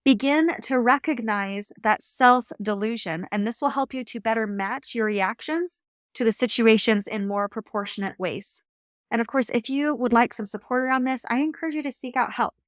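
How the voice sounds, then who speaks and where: A woman podcast host and coach giving calm, earnest, reflective advice in a solo talk. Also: on the high side, normal speed, no echo, studio quality. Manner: calm, earnest, coaching tone with occasional light laughs.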